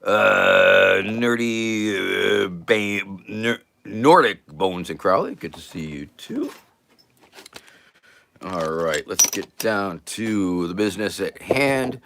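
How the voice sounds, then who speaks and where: A lower-voiced man hosts a loose, jokey chat show, his pitch swinging up and down a lot as he rambles. He talks slowly, with a bright, forward edge to his voice. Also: sing-song. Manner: rambling, jokey, self-promoting. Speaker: host. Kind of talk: casual livestream chat.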